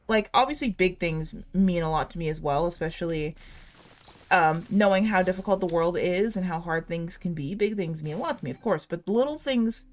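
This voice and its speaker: Chatty giggly woman in her late twenties. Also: lowish voice. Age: late 20s. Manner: chatty, giggly, rambling, heavy use of "like". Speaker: gaming channel host. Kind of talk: casual chat over gameplay.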